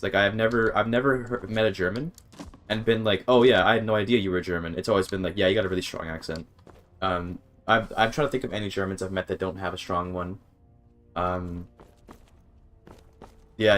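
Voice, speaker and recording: A man's voice: lowish voice, fairly bright tone. A man streaming a video game, chatting casually with his viewers, swearing and restarting sentences when frustrated. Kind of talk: casual gaming livestream commentary.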